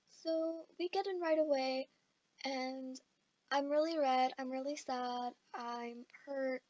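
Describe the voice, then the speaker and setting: A woman with a high voice tells a story time in a loose, rambling way. She uses plenty of fillers and throws in self-mocking swears. The sound is dry and a little dull, like a lo-fi home recording. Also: no echo. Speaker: vlogger telling a story time.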